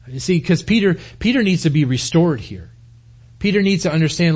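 Husky-voiced man preaching a sermon. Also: fairly high pitch, animated, quick pace, a little mellow. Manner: earnest, repeats words when starting phrases. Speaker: pastor.

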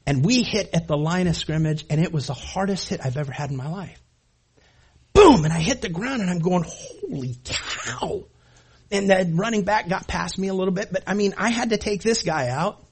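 A middle-aged man telling a story about his high school football days to an audience, animated and laughing as he acts out his past self. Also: quick pace, hardly any pauses, husky.

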